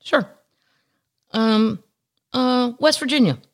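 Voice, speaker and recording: A woman's voice: on the high side, slow. A woman from Missouri hosting a casual podcast, chatting and joking while reading news stories aloud. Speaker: podcast host.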